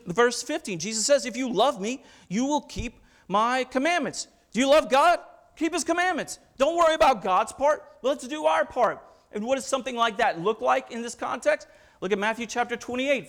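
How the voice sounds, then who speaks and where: A pastor preaching a sermon with passion, building through rhetorical questions and quoted scripture. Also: male voice, extremely high pitch.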